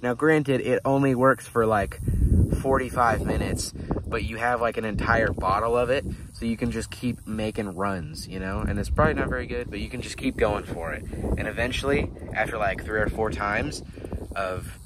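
A man's voice: on the low side, moderate pace. Laid-back young man rambling outdoors. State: slightly stuffy nose. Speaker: farm vlogger. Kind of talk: casual vlog chat. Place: outdoors on a farm by animals. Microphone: handheld camera. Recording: outdoor noise, wind and water. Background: running water and wind.

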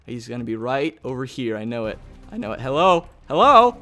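Young male gaming host, excitable play-by-play, lively voice, light music bed. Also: medium pitch, fairly quick. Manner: excitable, talks to opponents, bursts into shouts. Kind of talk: casual gameplay commentary.

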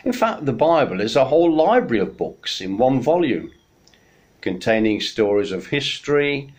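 A man, a church minister, giving a midweek sermon message in an unhurried storytelling manner with gentle pauses. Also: mid-range voice, big pitch swings.

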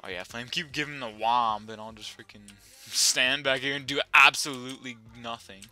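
A young man at home giving excitable, swearing commentary over his own gameplay, now and then yelling at his dog. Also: medium pitch, a little slow, soft background music. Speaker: gaming YouTuber.

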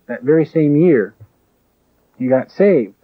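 A man preaching a sermon in an emphatic way, with sharp rises and drops. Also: a little high, animated, slow, husky. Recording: tinny phone-like lo-fi recording.

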